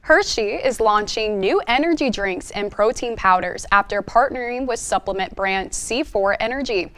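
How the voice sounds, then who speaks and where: A woman's voice: medium pitch, fairly bright tone. A young woman anchoring a student newscast, reading stories and bantering with co-anchors with easy laughter. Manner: upbeat, laughs easily.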